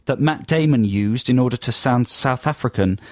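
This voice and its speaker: A middle-aged man co-hosting a radio show, quick and teasing, explaining things with amused laughs. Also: medium pitch, no room sound, clean studio sound. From England. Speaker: radio co-host. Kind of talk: casual comic radio chat. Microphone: studio mic.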